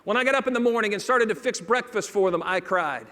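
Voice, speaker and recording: A man's voice: high-pitched, lively intonation, fast, sharp tone. A middle-aged man telling a personal story in a motivational speech, acting out the voices of the people in it. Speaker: motivational speaker. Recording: long hall reverb.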